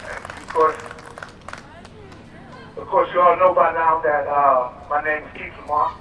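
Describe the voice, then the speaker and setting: A man on death row giving a measured speech over a prison phone call, played to a rally. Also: on the high side, steady tone, pushed and bright, reverberant, recorded from a distance, some chatter behind, slight background noise. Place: prison phone relayed to an outdoor park rally. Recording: muffled phone line played over speakers outdoors.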